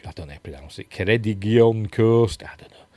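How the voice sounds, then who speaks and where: A man's voice: lowish voice, lively intonation, fairly quick, darkish tone, no room sound. A middle-aged man with a Yorkshire accent, hosting a casual news chat and rambling through articles and stories. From Yorkshire, England. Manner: rambling, chatty, self-deprecating, reads quotes and chat comments. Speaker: host.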